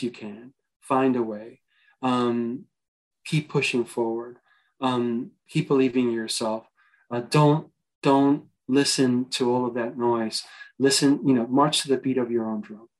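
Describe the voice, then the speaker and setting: A man's voice: medium pitch, steady tone, unhurried, poor audio. Earnest motivational man, podcast guest. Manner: earnest, motivational, many fillers and restarts. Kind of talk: interview conversation.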